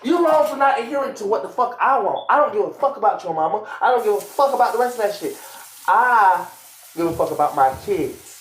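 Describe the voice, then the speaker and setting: A young man arguing angrily and profanely with his partner on a live stream, repeating himself and shouting. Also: sits high, expressive, fairly quick. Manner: angry, profane, repetitive shouting. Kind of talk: heated argument on a live stream. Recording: echoey room.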